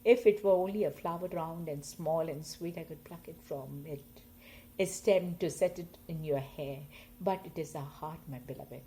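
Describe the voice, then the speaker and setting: A woman reading poems aloud, slow and expressive, her loudness swelling and fading with the lines. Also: low voice, a little hiss or hum, poor audio. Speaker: poetry reader. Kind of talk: poetry reading.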